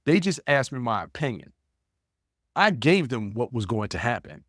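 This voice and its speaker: A man's voice: mid-range voice, big pitch swings, normal speed, a bit bright, dry recording, studio quality. A man hosting a podcast, telling stories in a blunt, casual way and often repeating words as he thinks. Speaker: podcast host. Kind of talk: casual storytelling monologue.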